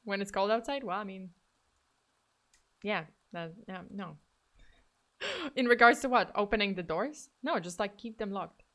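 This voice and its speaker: Bright, playful woman streamer. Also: mid-range voice, animated, a little slow, long pauses. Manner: playful, mock-dramatic, laughs often. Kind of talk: casual livestream chat.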